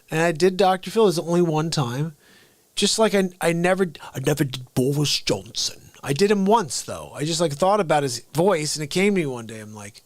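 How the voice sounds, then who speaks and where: A man hosting a live comedy stream, rambling and thinking aloud between bits. His voice sits a little high and he often fades into quiet mumbles. The sound is dry and close on a streaming microphone. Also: animated, no echo. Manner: rambling, quick asides, drops to mumbles. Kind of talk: casual chat between impressions.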